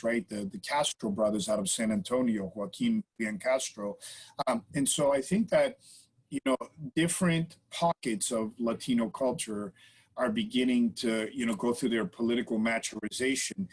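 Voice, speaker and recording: A man's voice: medium pitch, slightly rough, rough recording. A man as a podcast guest, explaining in casual interview talk and checking in with frequent "right?" and "you know" tags.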